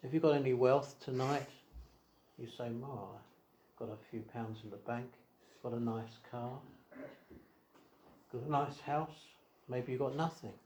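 A man preaching an evangelistic sermon, asking rhetorical questions and swinging between quiet asides and raised emphasis. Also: medium pitch, fairly even intonation, measured pace, pauses often, slight background noise. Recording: echoey hall.

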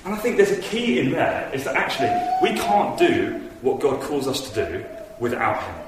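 Animated man preaching in an echoey hall. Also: mid-range voice, moderate pace. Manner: earnest, conversational, animated storytelling. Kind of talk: sermon. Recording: echoey hall from far off with noise.

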